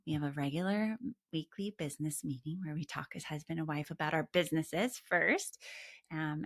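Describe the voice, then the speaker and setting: Expressive woman co-host, bright tone with a gravelly edge, dry sound. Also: sits low, dry recording. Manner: expressive, laughs often, acts out voices in examples. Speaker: podcast co-host, therapist. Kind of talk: casual chat.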